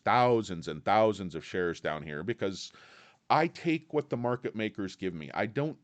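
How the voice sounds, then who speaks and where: A man giving a blunt, insulting, animated rant as a stock market commentator, full of fillers and restarts. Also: lowish voice.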